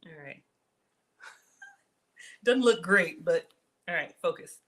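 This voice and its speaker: Chatty excitable woman cooking live. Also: lowish voice, takes it slowly. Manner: chatty, excitable, talks to viewers as "y'all". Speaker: cooking livestream host. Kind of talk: casual live cooking chat to viewers. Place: home kitchen.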